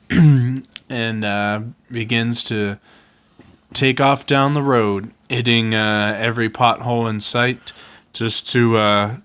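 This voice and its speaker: Slow, halting male storyteller. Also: medium pitch, a bit bright. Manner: halting, full of uhs and throat clearing. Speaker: co-host storyteller. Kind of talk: improvised comic storytelling.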